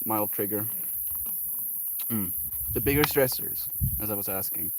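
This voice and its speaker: A man hosting a casual livestream, chatting with viewers in a rambling, animated way and swearing now and then. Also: lowish voice, unhurried. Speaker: livestream host. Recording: steady outdoor noise with insects.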